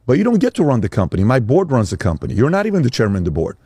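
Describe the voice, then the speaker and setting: A man's voice: medium pitch, huge pitch swings, racing, dark tone, slightly rough, no room sound, clean studio sound, heavily acted. A man voicing a stern wealthy father speaking to his heirs by video, firm and lecturing.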